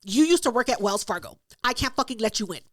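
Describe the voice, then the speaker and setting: A woman co-hosting a podcast, telling a story in a casual, loud and profane way, acting out everyone's lines. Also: fairly high pitch, fast, no room sound, studio quality. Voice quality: loud, profane, animated retelling with acted-out quotes. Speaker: podcast co-host.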